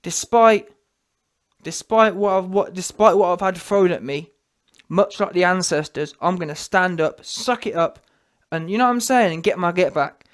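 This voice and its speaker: A man's voice: high-pitched, moderate pace. A man delivering a mocking rant to camera, who keeps asking his audience "yeah?" for agreement. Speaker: vlogger. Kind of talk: ranting monologue to camera.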